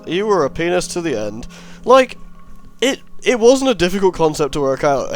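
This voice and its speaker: Sarcastic man doing game commentary. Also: on the high side. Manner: sarcastic, rambling. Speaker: let's play host. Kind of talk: gameplay commentary.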